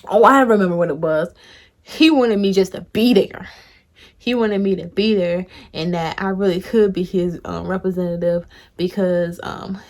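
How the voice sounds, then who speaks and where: A young woman tells a story to her viewers in a loose, animated, chatty way. She jumps up high when she gets excited and swears without a second thought. It sounds like talking to friends on camera. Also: normal speed. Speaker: vlogger. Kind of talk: casual storytime.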